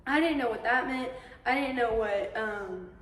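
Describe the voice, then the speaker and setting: A young woman co-hosting a podcast, telling stories in a casual, animated way and laughing often. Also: a little high, moderate pace. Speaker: podcast co-host. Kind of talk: casual storytelling chat. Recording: echoey room, far from the mic, faint hiss.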